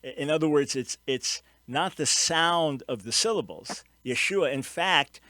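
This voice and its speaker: A man hosting a call-in radio show, voice pitched a little high and recorded very dry. He explains each point earnestly, pressing hard on the key words. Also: a little slow, pushed and bright, dry recording.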